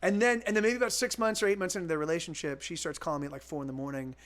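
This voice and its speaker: Chatting loosely with his viewers, a musician in his forties speaks rapid-fire in a fairly high, fairly bright voice with fairly even intonation. He rambles, keeps restarting and repeating, and swears a lot.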